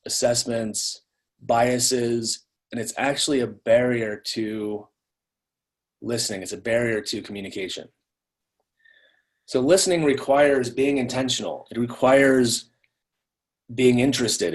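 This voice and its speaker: A man giving a live online training talk in a conversational way, often repeating words as he restarts. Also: medium pitch.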